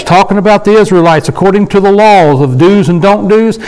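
Man preaching, high voice, bible study sermon, conversational, slows down for scripture, checks in with listeners. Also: darkish tone, clean tone, low-quality recording. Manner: conversational, asks the room for agreement; slows down to read scripture aloud.

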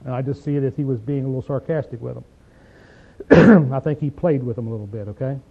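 A man preaching a conversational Bible study in a folksy, emphatic way, often checking in with "see?" and "okay?" and clearing his throat. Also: mid-range voice, quick pace. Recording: tinny phone-like sound.

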